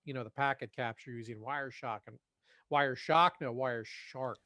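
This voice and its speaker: A man's voice: medium pitch, fairly even intonation, fast talker, a bit bright, dry recording, clean studio sound. A man co-hosting a podcast in casual chat, talking in a hesitant, self-deprecating way. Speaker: podcast co-host.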